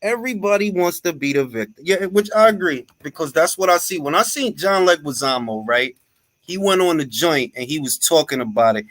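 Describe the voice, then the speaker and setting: A man's voice: a little high, animated, brisk, fairly bright tone. A man from the Dominican Republic hosting a casual panel chat, giving blunt, profane opinions and slipping into Spanish phrases. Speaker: host.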